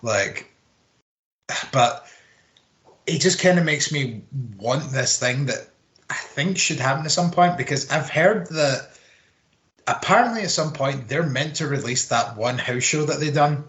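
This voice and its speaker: A man's voice: mid-range voice, a bit bright. A young man chatting casually about wrestling as a podcast co-host, rambling and swearing. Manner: rambling, swears, quick laughs. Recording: roomy home recording.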